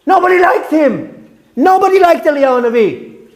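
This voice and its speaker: A man preaching as a rabbi, fiery and rebuking, repeating words for emphasis and swinging between shouts and hushed tones. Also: very high voice, expressive, normal speed. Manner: repeats words for emphasis, asks rhetorical questions. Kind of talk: impassioned sermon.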